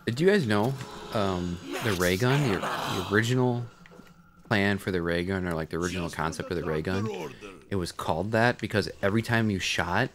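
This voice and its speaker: A man telling animated stories and doing silly voices while playing a game with friends, swearing freely. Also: low-pitched, normal speed, crowd noise. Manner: animated storyteller, does silly impressions, swears. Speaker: gamer on a co-op stream. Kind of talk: casual gaming banter.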